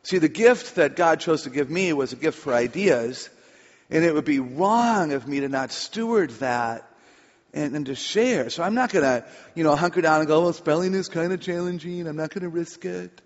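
A chatty woman on stage, an author and speaker on children, gives a humorous talk and playfully pulls in her live audience. She has a low, animated voice at a moderate pace, and it rings through a big hall with long reverb and dull, lo-fi sound.

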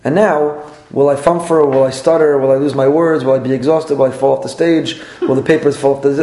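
A man, a rabbi teaching a class, lively and repetitive, acting out little dialogues as he lectures. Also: mid-range voice, fairly quick. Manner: animated, repeats phrases and acts out little dialogues. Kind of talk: Torah class lecture with audience questions. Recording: roomy echoey room.

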